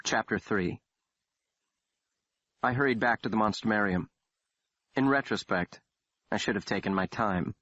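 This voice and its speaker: A man reading a horror audiobook in a measured, dramatic way. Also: on the low side, a bit bright, no room sound. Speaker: audiobook narrator. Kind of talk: scripted narration. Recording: dull, dry studio read.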